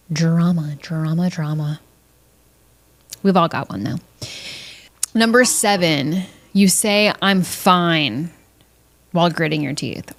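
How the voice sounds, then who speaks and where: A woman's voice: measured pace, long pauses. Blunt, profane woman podcast host. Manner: blunt, profane, jokey, mimics family members in high voices. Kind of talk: casual solo podcast monologue.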